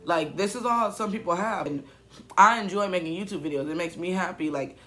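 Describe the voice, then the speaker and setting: A young man in his twenties with a high, bright voice, talking in a casual vlog. He rambles and restarts, sounding shaken and emotional. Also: fairly quick. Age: 20s. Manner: rambling, many fillers and restarts; upset, emotional. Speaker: YouTuber.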